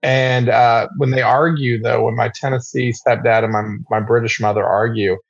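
A man guest on a casual podcast chat, telling an animated family story. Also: mid-range voice, normal speed, slightly rough, no echo, muffled recording.

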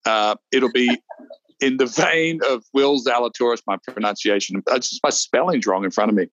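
A man co-hosting a casual golf preview chat, animated and rambling, often restarting his sentences. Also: medium pitch, normal speed, no echo, highs cut off. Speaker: golf show co-host.

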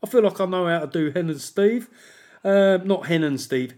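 A man's voice: high-pitched, lively intonation, normal speed, darkish tone. A man hosting a podcast alone, chatting casually in a rambling, jokey, self-deprecating way. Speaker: podcast host. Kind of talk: casual solo podcast chat.

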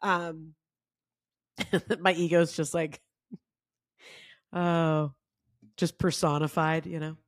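A woman's voice: sits low, flat delivery, extremely slow, long pauses, no echo, studio quality. A woman hosting her own podcast, talking casually and candidly, with lots of "like" and the odd swear word. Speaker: podcast host. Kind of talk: casual solo podcast talk.

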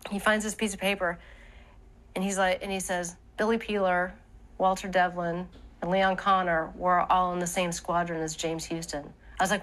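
A woman's voice: on the low side, moderate pace. A mother in an interview, retelling events casually and acting out what people said. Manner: animated, acts out quoted dialogue.

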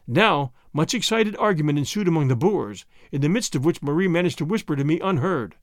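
Expressive, high-voiced male narrator. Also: brisk, hardly any pauses, no echo, clean studio sound. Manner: expressive, dramatic reading. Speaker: audiobook narrator. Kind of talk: scripted first-person narration.

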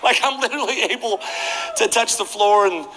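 High, bright-voiced comic preacher. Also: male voice, fairly quick. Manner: animated, comic, acts out voices. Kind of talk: comic storytelling sermon. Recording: reverberant hall, faint ambience.

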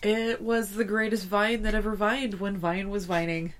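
A woman co-hosts a podcast in a casual chat, speaking at a moderate pace with a steady, mid-range voice. She laughs often and swears freely.

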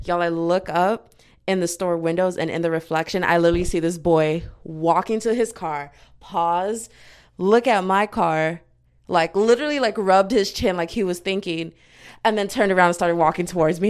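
Low gravelly-voiced young woman vlogger. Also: a little fast. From United States. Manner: animated, slangy, breaks into loud laughing asides. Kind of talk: casual storytelling chat.

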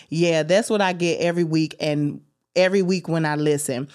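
A young adult woman hosting a faith-based self-care podcast, talking like an encouraging big sister with high, excited bursts. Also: normal speed, clean tone. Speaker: podcast host.

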